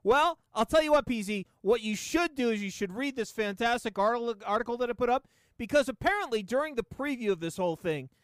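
Casting: male podcast host, high, smooth voice, profane sarcastic rant, dry close sound. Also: animated, quick pace, a bit bright, no room sound. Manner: profane, sarcastic, laughing often. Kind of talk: casual comedic rant.

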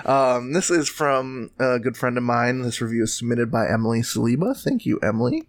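Man, podcast co-host, casual comedic chat, laughs a lot, mid pitch. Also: lively intonation, moderate pace, few pauses. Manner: jokey, laughs often, trails off and restarts.

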